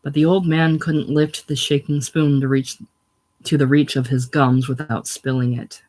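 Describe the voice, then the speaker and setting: Guy reading a novel out loud, steady and measured, voice a bit high. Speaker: audiobook reader.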